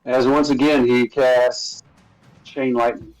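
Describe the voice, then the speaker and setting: A man running a tabletop game as game master, talking in an easygoing, halting way with fillers. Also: medium pitch, level tone, darkish tone, faint music behind, low-quality recording.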